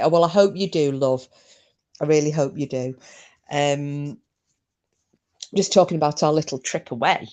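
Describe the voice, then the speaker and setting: Low, mellow-voiced woman chatting. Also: normal speed, long pauses. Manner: chatty storytelling with frequent ums. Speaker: podcast host. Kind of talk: casual chat.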